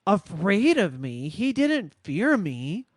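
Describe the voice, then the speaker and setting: Woman podcast co-host, earnest and reflective, very expressive intonation, dry close sound. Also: medium pitch, no echo. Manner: reflective storytelling, measured and earnest. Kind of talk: casual podcast conversation.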